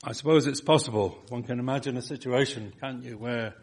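A man preaching from the pulpit, his voice slightly husky. He swells into emphatic lines and then drops low and soft on single words. The delivery is rhythmic and earnest. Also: steady tone, brisk. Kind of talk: sermon.

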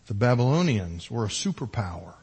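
Husky-voiced man preaching a sermon. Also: mid-range voice, big pitch swings, normal speed, a little mellow. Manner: emphatic preaching, rising and falling in volume and pace. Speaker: pastor.

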